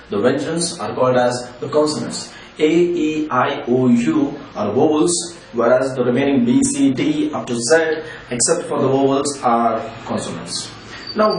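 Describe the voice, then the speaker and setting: A man with an Indian English accent teaching an English grammar lesson, patiently repeating and spelling out examples. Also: medium pitch. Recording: echoey room, distant from the mic, faint ambient noise.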